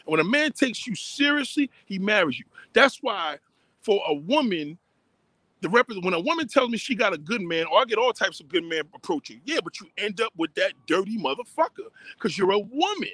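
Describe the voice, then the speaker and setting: A man's voice: sits high, very animated, brisk, sharp tone, dry recording. A man ranting profanely and emphatically on a livestream, repeating himself as he talks outdoors on a phone. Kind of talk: casual rant on a livestream.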